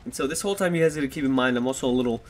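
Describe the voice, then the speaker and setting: A man's voice: medium pitch, rapid-fire, very noisy. A man in his twenties telling a story casually to his viewers, rambling, swearing often and laughing at himself, recorded on a desktop microphone. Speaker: vlogger. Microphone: desktop USB microphone.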